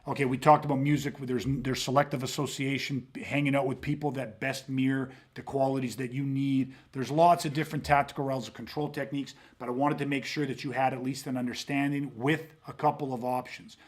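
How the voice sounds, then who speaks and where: A man's voice: medium pitch, brisk, hardly any pauses. A man co-hosting a podcast, talking casually and emphatically with frequent swearing. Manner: emphatic, profane, animated storytelling. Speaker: podcast co-host.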